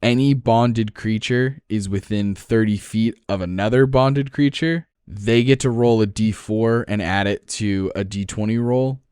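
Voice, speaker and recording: A man with a New Jersey accent, co-hosting a podcast and explaining game rules in casual, excited chat, swearing freely. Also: fairly low pitch, a little slow, hardly any pauses, clean tone, dry recording, clean studio sound. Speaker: podcast co-host.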